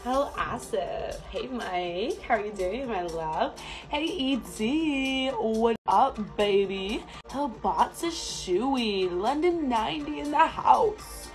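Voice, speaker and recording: A woman's voice: a little high, animated, takes it slowly, poor audio. A woman hosting a casual livestream, greeting viewers one by one with flirty, affectionate pet names. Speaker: livestream host. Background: music playing.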